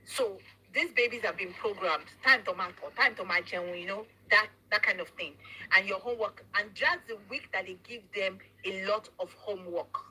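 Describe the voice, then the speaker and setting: A woman's voice: mid-range voice, moderate pace, bright, forceful tone, a little hiss or hum, low-quality recording. A woman hosting a casual talk show, speaking emphatically and preaching her point, slipping into Yoruba phrases. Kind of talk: casual commentary chat.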